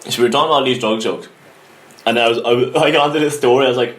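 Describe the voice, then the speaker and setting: A man's voice: mid-range voice, very fast, a little hiss or hum. Young Irish man telling a story, echoey room. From Ireland. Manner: animated, laughing storyteller who swears a lot. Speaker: podcast co-host. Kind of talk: casual chat, storytelling.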